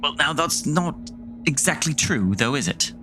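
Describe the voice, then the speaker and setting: A man voicing a formal male investigator who speaks in a measured, stern way. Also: on the high side, big pitch swings, sharp tone, faint music behind.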